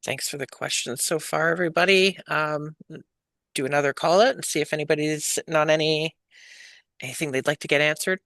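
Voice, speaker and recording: A man with a bright, fairly high voice moderates an online public meeting. He reads out attendees' questions in a friendly, upbeat way, and the recording is dry with no room sound. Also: fairly quick, vocal fry, no echo.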